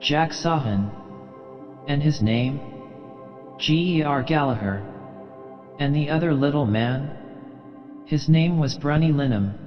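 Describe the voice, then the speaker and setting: A man reads a classic novel aloud at an even, unhurried pace, his mid-range voice trailing into a long hall-like reverb. The sound is a little dull and muffled, with faint music running underneath. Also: mid-range voice. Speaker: audiobook narrator. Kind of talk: literary audiobook narration.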